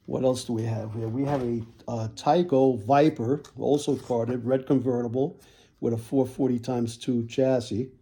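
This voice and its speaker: A man selling toy cars in a casual video, with folksy sales patter, repeated words and frequent throat clearing. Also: mid-range voice, fairly even intonation, unhurried, dark tone. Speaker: toy car seller.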